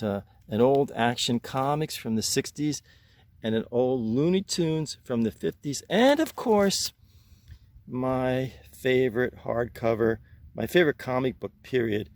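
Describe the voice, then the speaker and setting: Slow-talking man ranting in a vlog. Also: mid-range voice, creaky, a little hiss or hum. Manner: rambling, frustrated ranting with apologies. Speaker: channel host. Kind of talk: casual vlog to camera. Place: outdoors by his garden hedges.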